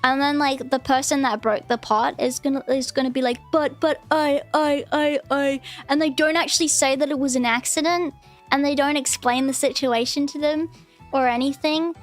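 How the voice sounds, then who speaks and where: Young woman, high voice, ranting stream chat, lots of swearing, faint music behind. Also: fairly even intonation, a little fast. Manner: ranting, swearing, mocks people in exaggerated voices. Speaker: VTuber streamer.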